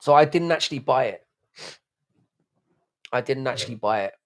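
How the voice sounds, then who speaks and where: A man's voice: mid-range voice, animated, normal speed. A man with a strained throat hosting a livestream, reading out chat and bantering back in a laddish, sweary way. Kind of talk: casual live stream chat.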